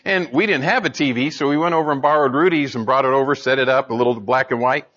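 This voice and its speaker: A preacher man with a high, bright and forceful voice. He talks to his congregation in a conversational way and builds to emphatic peaks. The recording sounds dull and lo-fi. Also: fast, few pauses. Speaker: pastor. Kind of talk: sermon.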